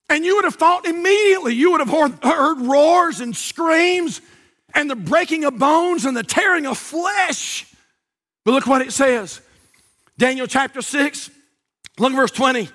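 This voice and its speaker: High, bright-voiced preacher man. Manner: impassioned, shouting with rhythmic repetition. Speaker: pastor. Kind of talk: sermon.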